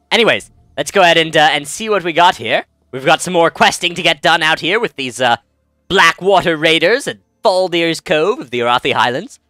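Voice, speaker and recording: A man's voice: on the high side, sharp tone, no echo, studio quality. A man hosting a let's-play, chatting casually and rambling through commentary with many fillers and restarts. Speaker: game let's-play host.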